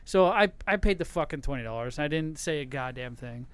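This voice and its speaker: A man's voice: a little high, animated, fairly quick, fairly bright tone, clean tone. A middle-aged man hosting a podcast, telling stories in a profane, casual rant. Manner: profane storytelling. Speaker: podcast host. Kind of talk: casual ranting chat.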